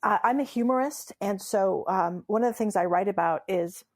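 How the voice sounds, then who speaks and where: Speaking at normal speed in a medium-pitched voice, a woman from Iran with Farsi as her first language shares stories in an interview. A memoirist and humorist, she's playful and emphatic, with frequent laughs.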